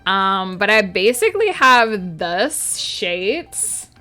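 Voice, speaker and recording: Bright, lively woman streamer. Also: mid-range voice, slow, soft background music. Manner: chatty, reads chat aloud and answers viewers. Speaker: writer streaming her planning. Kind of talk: casual livestream chat with viewers.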